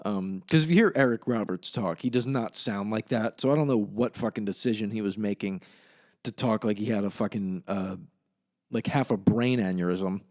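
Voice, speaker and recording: A man's voice: on the low side, normal speed, a little mellow. A young man hosting a casual solo podcast, rambling and swearing as he retells a film. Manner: rambling, profane, laughs at his own retelling. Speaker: podcast host.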